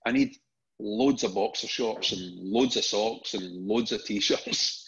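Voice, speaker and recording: A middle-aged man from Scotland, guesting on a podcast, tells casual stories slowly in a lowish, husky voice. His anecdotes are animated and full of restarts and repeated words, and the lo-fi podcast audio sounds dull.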